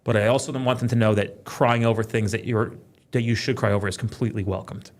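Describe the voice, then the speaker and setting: A man talking in a casual podcast chat, profane and quick, telling animated stories about his kids and work. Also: fairly low pitch. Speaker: podcast guest, police trainer.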